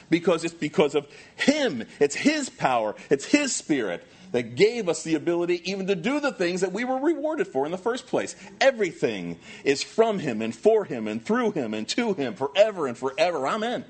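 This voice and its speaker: A man preaches with a voice pitched a little high for a man, moving between loud, shouted exclamations and quiet, low-pitched passages. He reads scripture aloud slowly, leaning hard on each word, then drops back into direct, emphatic talk to the congregation. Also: very animated. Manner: reads scripture aloud with slow stressed delivery. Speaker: pastor. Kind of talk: sermon.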